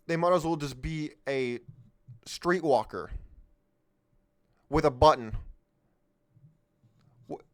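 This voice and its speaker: Emphatic man, smooth voice. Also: on the high side, slow, pauses often, a bit bright. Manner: emphatic, rhetorical questions, loses his train of thought. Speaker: political podcast host. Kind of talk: unscripted political monologue.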